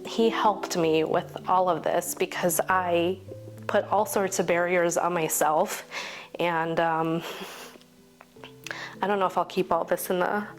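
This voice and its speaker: A woman in her forties with a slightly low voice talks casually to her camera at home. She rambles in a heartfelt way, laughs often and grows teary as she speaks. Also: steady tone, measured pace, faint music behind. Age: 40s. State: teary, emotional. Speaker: vlogger.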